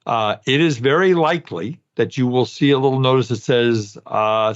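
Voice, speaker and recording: A man's voice: medium pitch, a little slow, few pauses, highs cut off. A man in his sixties hosting a podcast, talking in a folksy, rambling way straight to his listeners. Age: 60s. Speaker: podcast host. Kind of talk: casual podcast talk.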